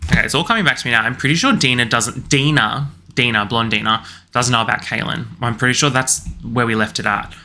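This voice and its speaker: A man's voice: medium pitch, quick pace, hardly any pauses, sharp tone. A young man chatting through a life-sim game, rambling and acting out what the characters say. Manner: chatty, rambling, quotes characters in a slightly raised voice. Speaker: let's play host. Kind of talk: casual commentary voicing game characters.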